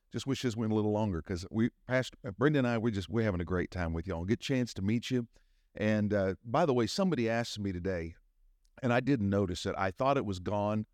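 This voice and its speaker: A man's voice: medium pitch, darkish tone, dry recording, clean studio sound. A man in his sixties with a Southern US accent, preaching a conference sermon in a folksy, joking way that builds to rousing calls for an amen. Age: 60s. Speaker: pastor.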